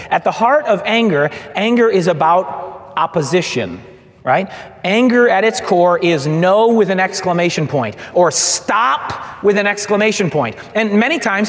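Animated male preacher in an echoing hall. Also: sits high. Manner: animated preaching, acts out quoted lines. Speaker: pastor. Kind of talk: sermon. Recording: long hall reverb.

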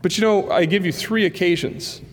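A man's voice: high voice, moderate pace. A man preaching a sermon in a church, telling stories and acting out the voices of people in them. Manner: animated storyteller acting out dialogue. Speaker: pastor. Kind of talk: sermon storytelling. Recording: long reverb of a large hall.

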